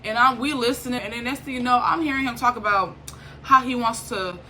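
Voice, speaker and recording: A young woman from Liberia telling a storytime vlog in a casual, animated way, acting out quoted lines and swinging between irritation and laughter. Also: a little high, a little fast, a little hiss or hum. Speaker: vlogger.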